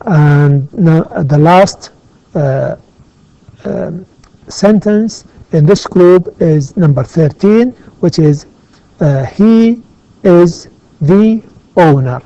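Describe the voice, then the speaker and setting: A male English teacher works through a grammar exercise at a very slow, deliberate pace, pausing often and glossing words in Arabic. His voice is mellow and a bit high. The recording is dull and lo-fi, with a dry, close sound. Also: animated, dry recording. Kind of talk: classroom grammar lesson.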